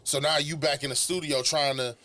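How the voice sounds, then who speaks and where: A man's voice: a little high, fairly even intonation, fairly quick, pushed and bright. Profane, slangy man riffing on a podcast. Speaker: podcast co-host. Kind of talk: casual chat.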